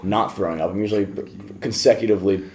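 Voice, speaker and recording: A man's voice: on the low side, fast, a little mellow, slight background noise. A man from Pittsburgh hosting a casual podcast, rambling and stumbling over his words. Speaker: podcast host running the bracket. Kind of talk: casual chat.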